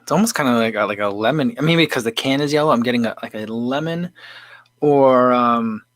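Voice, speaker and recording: A man hosts a laid-back livestream at a middling pitch, wandering through his thoughts with plenty of "um" and "like." His voice sounds dry and close, with no room around it. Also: brisk, a bit bright, no room sound. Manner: easygoing, rambling with many fillers and restarts. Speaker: livestream host. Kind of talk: casual livestream chat, tasting beer and reading comments.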